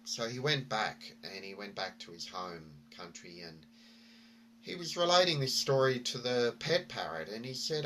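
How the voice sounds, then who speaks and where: A man's voice: mid-range voice, expressive, normal speed, fairly bright tone, a little hiss or hum. Rambling man vlogging. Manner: rambling, many fillers and restarts. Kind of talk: casual storytelling and reflection.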